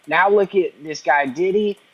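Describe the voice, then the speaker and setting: High-voiced blunt man ranting. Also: dull audio. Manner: blunt and profane, halting restarts. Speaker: panelist. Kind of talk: heated casual political debate.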